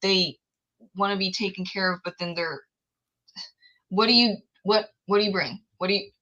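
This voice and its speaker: A woman's voice: mid-range voice, fairly even intonation, moderate pace, bright, forceful tone, dull audio. A woman hosting a livestream, chatting frankly and emphatically and laughing often. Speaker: livestream host. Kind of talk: casual chat.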